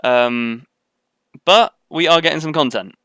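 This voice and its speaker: A man's voice: a little high, a little slow, fairly bright tone, smooth, no echo. A young man giving live gameplay commentary in a rambling, chatty way, full of ums and tangents. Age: young adult. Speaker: gaming commentator. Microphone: webcam setup at desk.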